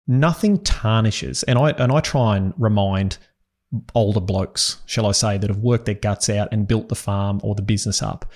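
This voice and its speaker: A man hosts a podcast interview, his voice sitting a little low. He speaks bluntly and colloquially, in an easy conversational manner. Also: moderate pace, darkish tone. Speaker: podcast host.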